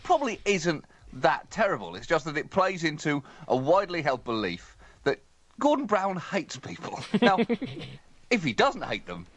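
A man's voice: a little high, big pitch swings, normal speed, a bit bright, no echo. A man co-hosting a comedy show, wry and mock-serious in satirical chat. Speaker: comedy co-host.

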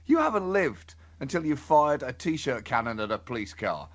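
A man's voice: medium pitch, very animated, muffled recording. A man co-hosting a comedy podcast with a sore, strained throat, teasing his partner and laughing easily. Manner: playful teasing, quick to laugh. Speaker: podcast co-host. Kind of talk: comic podcast banter.

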